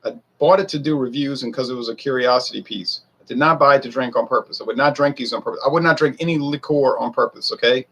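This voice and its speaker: Gravelly husky man rambling to viewers. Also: medium pitch, fast talker, hardly any pauses, fairly bright tone. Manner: rambling, defensive, talks straight to viewers. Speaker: whiskey reviewer. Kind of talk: casual talk to camera.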